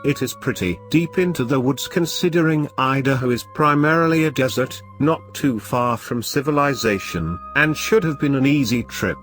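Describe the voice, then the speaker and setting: A man narrating scripted horror stories in a dramatic, measured way. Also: medium pitch, a bit bright, faint music behind.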